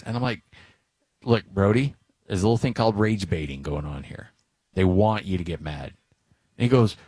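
A talkative male sports radio host in his forties, trading banter with his co-host and spinning family anecdotes. His voice sits at an ordinary middle pitch, and the studio sound is dry and close. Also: dry recording. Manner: chatty, tells stories with lively quoted voices. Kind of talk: casual sports radio chat.

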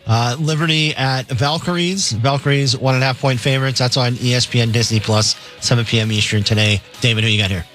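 A man's voice: medium pitch, brisk, hardly any pauses, a bit bright, faint music behind. A man on sports radio reading out games and betting lines in a plain, matter-of-fact way.

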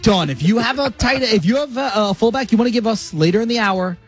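A man hosting a sports radio show, steering the talk in a brisk, friendly way. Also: sits high, faint music behind. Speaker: host.

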